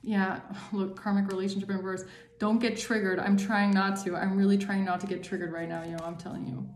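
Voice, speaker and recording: A woman's voice: mid-range voice, little pitch movement, fairly quick, reverberant, a little hiss or hum. A woman doing a tarot reading for her viewers, angry and emphatic, swearing often. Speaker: tarot reader.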